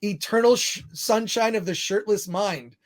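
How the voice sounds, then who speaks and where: A man hosting a live-streamed podcast, with a voice that sits higher than most men's. He rambles along, reads viewer messages aloud and laughs easily at himself. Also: unhurried. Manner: rambling, laughing, self-deprecating. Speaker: podcast host. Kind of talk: live-stream podcast chat, reading super chats.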